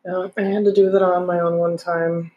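Animated young woman telling a story. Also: on the low side, moderate pace, lo-fi sound. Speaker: podcast co-host. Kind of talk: casual chat, storytelling.

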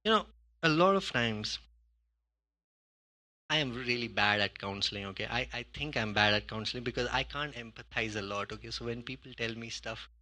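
A man preaching a sermon as pastor, in a conversational way, with frequent "okay?" and "you know", swinging between hushed asides and loud bursts of emphasis. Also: medium pitch, moderate pace.

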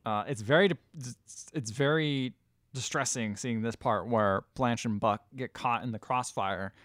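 A man chats through a film plot on a podcast, piling up fillers and dropping into quick impressions of the characters. His voice is smooth and full. The sound is dry and close to the mic. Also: mid-range voice, fairly bright tone, no echo. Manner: rambling retelling with filler words, quick acted quotes. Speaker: podcast co-host. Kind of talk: casual chat recapping a movie.

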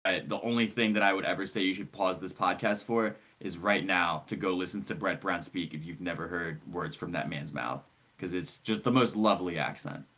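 A man's voice: sits low, a little fast, pushed and bright. A man co-hosting a podcast, giving an enthusiastic, rambling recap of a player's career. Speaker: podcast co-host. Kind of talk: casual sports podcast chat.

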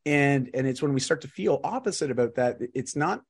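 Lively, husky-voiced man. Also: medium pitch, brisk. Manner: animated and upbeat, laughs often while talking. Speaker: guest, fitness and lifestyle coach. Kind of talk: casual interview chat. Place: home in Vancouver, remote call.

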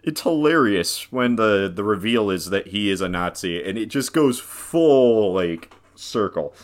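A man co-hosting a casual film podcast, talking in a relaxed way and often using "like" as a filler. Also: fairly low pitch, unhurried. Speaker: podcast co-host.

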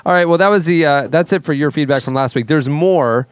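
A man's voice: fairly high pitch, brisk, clean tone, no echo. Easygoing male podcast host. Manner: easygoing, with plugs and audience call-outs. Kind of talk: casual studio podcast chat.

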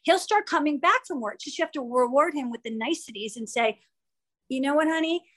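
A woman's voice: high-pitched, fairly quick. A woman being interviewed as a guest, talking candidly and with animation, acting out what people said and swearing freely. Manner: animated, acts out quoted dialogue, swears freely.

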